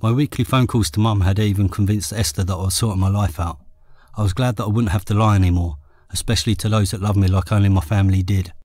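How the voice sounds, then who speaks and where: A man with an English accent reading his own memoir as an audiobook in a steady, measured way. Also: on the low side, dry recording. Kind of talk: audiobook narration.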